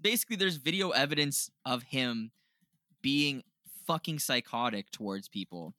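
A man's voice: medium pitch, lively intonation, moderate pace, pushed and bright, dry recording, clean studio sound. A man co-hosting a casual podcast chat, loose and profane, laughing often. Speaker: podcast co-host.

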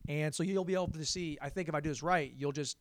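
A man's voice: on the high side, fast talker, dry recording. Profane rambling young man, dry close mic. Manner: rambling, profane, self-mocking, laughs often. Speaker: podcast host and stand-up comic. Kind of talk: casual solo podcast monologue.

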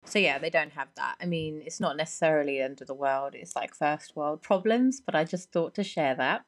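A young woman in her twenties, hoarse from a cold, chatting casually and rambling on her solo podcast into a microphone. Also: low voice, a little fast. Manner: rambling and chatty, many fillers. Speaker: podcast host.

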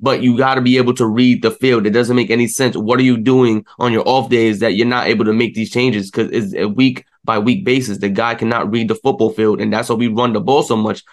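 A young man co-hosts a casual sports talk show. He rants with frustration, full of fillers and rising heat. His voice sits at an ordinary middle pitch. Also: brisk, few pauses. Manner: frustrated, animated rant with many fillers. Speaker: sports podcast co-host.

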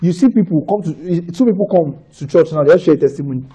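A man's voice: on the high side, animated, quick pace, dark tone, slightly rough, rough recording. A man with a Nigerian accent preaching a conversational sermon, repeating phrases for emphasis and often checking that listeners are following. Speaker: pastor.

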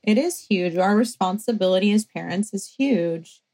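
A middle-aged woman talking casually as a podcast co-host, her voice slightly husky and breathy. She tells her points animatedly, often acting out what she says to herself. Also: mid-range voice, moderate pace, rough recording. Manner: animated, many fillers and quoted self-talk. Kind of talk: casual chat.

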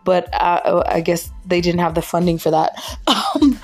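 A woman hosting a podcast, recapping a drama episode in casual chat, tired late at night, animated and laughing often. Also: fairly low pitch, moderate pace, faint music behind. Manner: animated, laughs often, acts out characters' lines.

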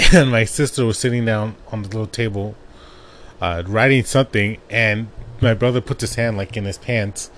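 A man's voice: lowish voice, moderate pace, fairly bright tone, slight background noise. A young man from Arizona hosting a casual personal monologue into his own desk microphone, rambling and laughing as he tells family stories. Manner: rambling, laughs often while telling stories. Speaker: podcast host.

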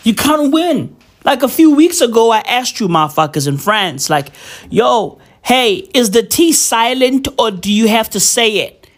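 A man's voice: very high voice, very animated, unhurried. A young man vlogging a profane, rambling, mock-serious rant at home, peppering it with slang. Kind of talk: casual rant to camera. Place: indoors at home at New Year.

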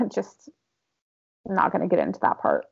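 A woman's voice: fairly low pitch, wildly swooping pitch, unhurried, vocal fry, husky. A young woman co-hosting a casual chat, nervous and giggly, then reading a heartfelt speech aloud in an earnest way. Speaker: podcast co-host. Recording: dull, lo-fi sound.

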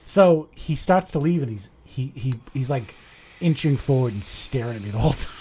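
A man's voice: mid-range voice, moderate pace, breathy edge. A man hosting a podcast, telling stories in casual chat and swearing freely. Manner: animated storytelling, swears a lot. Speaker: podcast host.

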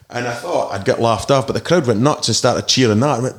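A Scottish man in his forties, a DJ telling rambling, animated stories in a casual interview and mimicking shouts. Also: fairly low pitch, quick pace, few pauses. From Scotland. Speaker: DJ guest.

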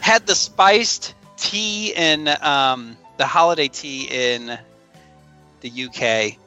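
A man's voice: medium pitch, takes it slowly, sharp tone, smooth, muffled recording, faint music behind. A man co-hosting a podcast in casual chat, talking in a chatty way and laughing often. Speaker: podcast co-host.

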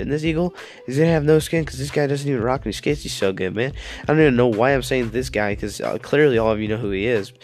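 A young man in a loose, rambling solo podcast, at an ordinary mid-range pitch. He talks offhandedly and leans on slang, with plenty of restarts and fillers along the way. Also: gravelly. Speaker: podcast host. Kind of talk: casual rambling monologue.

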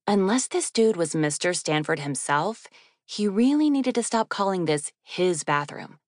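A woman narrating an audiobook in a wry, expressive reading. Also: low voice, a little slow, dry recording, clean studio sound. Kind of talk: scripted narration.

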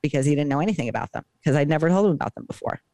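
A middle-aged woman co-hosting a podcast, retelling a story in an animated, dramatic way. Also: low voice, rapid-fire, no echo. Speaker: podcast co-host. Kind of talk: casual storytelling.

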